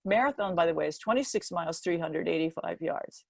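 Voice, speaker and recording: Older woman in her 70s, motivational speaker, animated storyteller, lowish voice, dry close sound. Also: fairly quick, gravelly, no echo. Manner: lively storyteller who acts out the quoted voices. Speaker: guest speaker.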